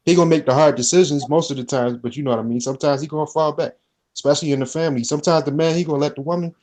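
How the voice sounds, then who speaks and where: A man's voice: on the high side, steady tone, racing, a little mellow. Man agreeing and musing in casual chat. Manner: affirming, reflective, says "you know what I mean".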